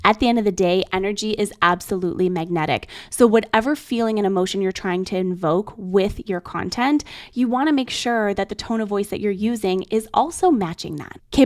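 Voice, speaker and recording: Woman host, middle-aged, mid-pitched, articulate coaching style, dead-dry booth sound. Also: no echo. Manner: expressive, enunciating, coaching tone. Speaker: podcast host and production coach. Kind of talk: instructional podcast talk.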